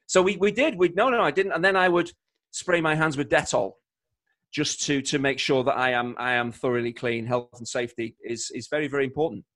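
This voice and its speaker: Man, football co-commentator, casual podcast chat, playful storyteller, slightly high voice. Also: steady tone, a little fast, a bit bright. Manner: playful, mock-pompous storytelling.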